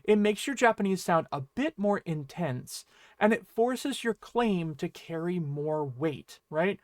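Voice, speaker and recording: A man's voice: high-pitched, expressive, measured pace, darkish tone, dry recording, clean studio sound. A man teaching an online Japanese lesson in a friendly explaining way, often checking in with his students.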